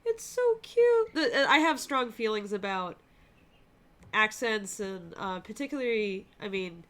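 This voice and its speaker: A woman's voice: medium pitch, a little slow, sharp tone, smooth. A woman artist on a live stream, chatting casually while she sketches, gushing and laughing often.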